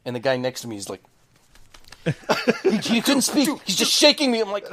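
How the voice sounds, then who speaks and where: Animated swearing man telling stories. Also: extremely high pitch, moderate pace. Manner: animated storyteller, swears, shouts quoted lines. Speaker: podcast co-host. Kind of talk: casual chat, storytelling. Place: small podcast studio.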